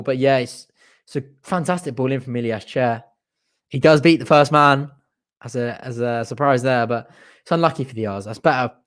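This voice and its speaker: This is a young man with a mid-range voice, offering eager, one-sided commentary as a fan during a live match. He roots loudly for his team and lets out groans when opportunities slip away.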